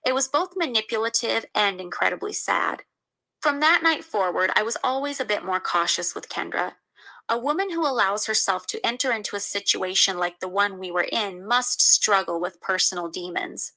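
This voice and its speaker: A woman's voice: mid-range voice, gravelly, pushed and bright, low-quality recording. A woman reading a first-person memoir aloud in an indignant storytelling manner. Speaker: memoir reader.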